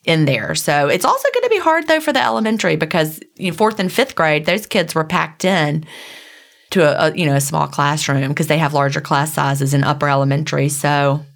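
A middle-aged woman with a low voice and a gravelly fry. She talks earnestly and at length in casual podcast chat, circling back over her thoughts. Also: lively intonation, brisk. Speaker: podcast co-host.

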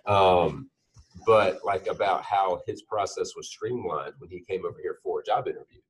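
A man's voice: low-pitched, normal speed, recorded from a distance, a little hiss or hum, rough recording. A man co-hosting a podcast, explaining his thoughts casually with fillers. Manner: explanatory, thinks aloud with fillers. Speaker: podcast co-host. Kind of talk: casual chat.

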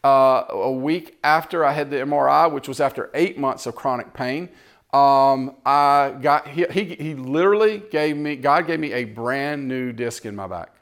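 A man's voice: mid-range voice, normal speed. A man preaching in a casual storytelling way, acting out the lines of the people in his story. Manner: animated, acts out quoted exchanges. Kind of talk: storytelling sermon.

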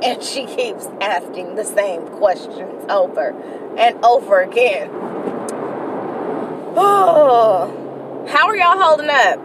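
A woman's voice: a little high, expressive, takes it slowly, long pauses. A woman, hosting a casual solo podcast, talking candidly and profanely in a rambling way with sudden outbursts, from inside a car. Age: early 30s. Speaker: podcast host. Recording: distant mic with car road noise.

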